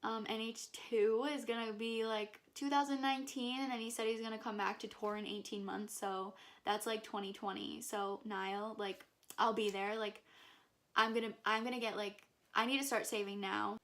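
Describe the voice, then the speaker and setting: A woman's voice: fairly high pitch, fairly even intonation, moderate pace, fairly bright tone. A young woman vlogger gushing through a personal story, packing her talk with "like" and fillers. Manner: gushing, filler-heavy with constant "like". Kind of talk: excited personal story vlog.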